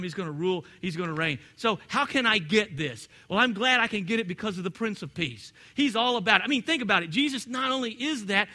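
A man preaching a sermon in a folksy, animated storytelling manner, now and then breaking into shouts. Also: sits high. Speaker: pastor.

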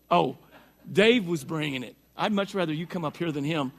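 A high-pitched middle-aged man delivers a sermon as pastor, his voice strained by allergies. He preaches in a folksy, chatty way and talks back and forth with the congregation. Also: expressive, brisk, a bit bright.

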